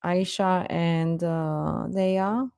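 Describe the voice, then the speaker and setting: A woman's voice: fairly low pitch, fairly even intonation, extremely slow, gravelly, mellow, smooth, dry recording, clean studio sound. A young woman casually chatting with viewers on a livestream, reading the chat, laughing often and ranting in exasperation.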